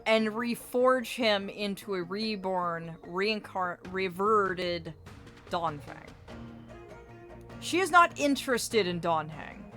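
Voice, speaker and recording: A woman's voice: medium pitch, lively intonation, takes it slowly, sharp tone, faint music behind. A woman streaming a game, chatting casually and theorizing in a playfully dramatic way.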